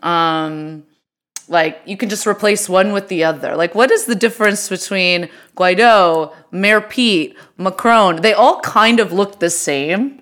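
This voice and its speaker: A woman's voice: medium pitch, a little slow, fairly bright tone. A woman co-hosting a casual political podcast, laughing easily and talking loosely with lots of fillers. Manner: laughing, conversational, lots of "you know" and "like". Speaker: podcast co-host.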